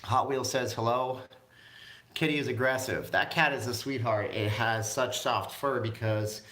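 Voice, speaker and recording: A man's voice: medium pitch, normal speed, bright, forceful tone. A man hosting a casual live stream from home, chatting loosely and reading viewer comments aloud. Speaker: vlog host. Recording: echoey room.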